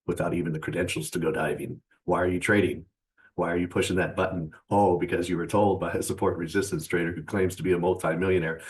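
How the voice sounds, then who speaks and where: A man's voice: low-pitched, low-quality recording. A man hosting a trading channel, giving a mocking, profane rant to his viewers, laughing at his own jabs and calling them traders again and again.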